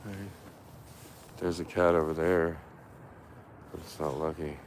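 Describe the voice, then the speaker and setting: A man's voice: a bass voice, fairly even intonation, a little slow, slight background noise. A man vlogging outdoors on a neighborhood street at dusk, chatty and rambling, cooing at the cats he passes. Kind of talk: casual walking vlog.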